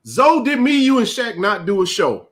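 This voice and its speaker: Impassioned high-voiced man ranting. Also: sing-song, moderate pace. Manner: impassioned ranting, rising to shouts. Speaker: sports talk show host. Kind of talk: heated live sports chat.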